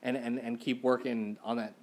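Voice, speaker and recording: A man's voice: mid-range voice, little pitch movement, moderate pace, darkish tone, a little hiss or hum. A man co-hosting a casual chat podcast, joking and swearing freely and often repeating words as he starts a thought. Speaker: podcast co-host.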